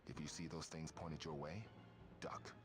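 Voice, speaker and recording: A man voicing a gruff male military briefing officer in a game mission briefing, blunt and commanding. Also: extremely low pitch, flat delivery, moderate pace. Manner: blunt, commanding, salty soldier talk. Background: music.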